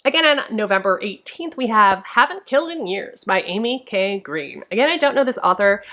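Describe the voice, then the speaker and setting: A woman's voice: mid-range voice, a bit bright. A woman reviewing upcoming books in a casual video, reading blurbs aloud with dramatic flair and breaking in with chatty asides. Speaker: book reviewer.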